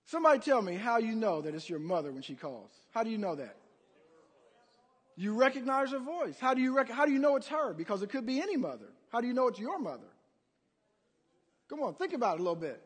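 High-pitched, husky-voiced preacher man. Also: quick pace. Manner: animated, calls on the congregation. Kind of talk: sermon. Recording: long hall reverb.

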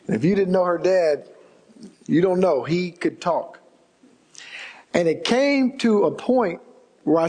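High-pitched male preacher, storytelling sermon with emphatic repeats; church hall reverb. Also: a little mellow, breathy edge. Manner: storytelling preacher, emphatic repetition, varied pace. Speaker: pastor.

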